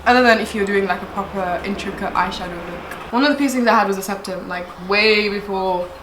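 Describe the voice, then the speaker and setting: A woman's voice: mid-range voice, a little fast. A young woman hosting a casual get-ready chat, talking easily while doing makeup. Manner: chatty, laughs easily. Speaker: beauty vlogger host. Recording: roomy echo, faint background noise.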